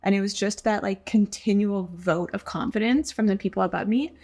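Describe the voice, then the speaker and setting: A woman's voice: mid-range voice, fairly quick, darkish tone. Earnest woman guest chatting about her work. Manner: earnest, reflective, with frequent ums. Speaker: guest, front-of-house server and wine learner. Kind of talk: casual podcast chat.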